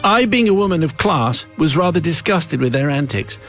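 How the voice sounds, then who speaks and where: A man's voice: a little high, lively intonation, normal speed, fairly bright tone, soft background music. A man hosting a radio show, reading a listener's letter aloud in a playful, amused, theatrical way. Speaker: radio host. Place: radio studio.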